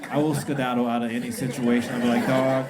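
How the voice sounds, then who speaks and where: Young man doing stand-up, loud crowd. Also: mid-range voice, level tone, rapid-fire. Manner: conversational, acts out quotes, laughs at own jokes. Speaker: stand-up comedian. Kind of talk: stand-up comedy set. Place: comedy club stage. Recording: live club recording with loud crowd noise. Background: loud audience laughter.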